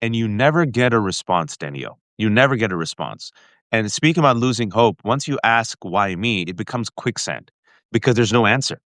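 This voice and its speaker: A man earnestly recounting a family ordeal in an interview, halting often and restarting his sentences. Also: fairly low pitch, animated, a bit bright, dry recording, studio quality. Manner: earnest, halting, with restarts and frequent direct address. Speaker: guest. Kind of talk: emotional personal storytelling in an interview.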